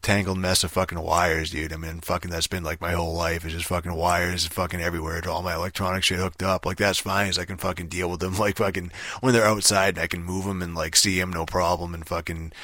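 A man's voice: deep voice, pushed and bright, no echo. A young man in a rambling casual rant, swearing constantly and filling gaps with "like" and "you know.". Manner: rambling, profane, many fillers.

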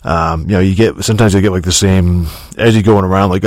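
A man's voice: sits low, fairly even intonation, fast talker, few pauses, darkish tone, no room sound, studio quality. A man giving a casual, rambling spoken review of a video game, full of swearing, fillers and restarts.

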